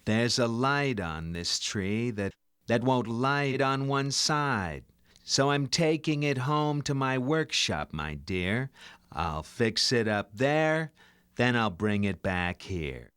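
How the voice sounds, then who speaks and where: A man putting on a sly, wry film-star voice with drawn-out phrasing. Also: medium pitch, expressive, fairly bright tone, clear, resonant tone, no room sound, clean studio sound.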